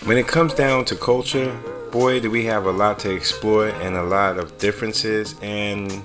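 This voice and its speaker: A man hosting his channel, chatting in a relaxed, sing-song way to his viewers. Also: lowish voice, moderate pace, music in the background. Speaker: channel host. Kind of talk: vlog outro.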